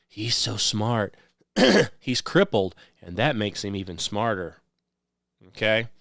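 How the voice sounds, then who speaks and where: A male radio host delivers a loose, rambling monologue, checking in with "okay?" and filling pauses with "um". His voice sits at an ordinary middle pitch. The recording is dry, with no room sound. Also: dry recording. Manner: conversational, repeats "okay?" and "um" often.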